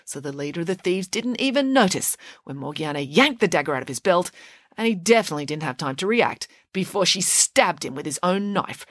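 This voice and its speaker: A woman storyteller giving an expressive, animated bedtime story narration. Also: fairly low pitch, brisk, no echo, clean studio sound.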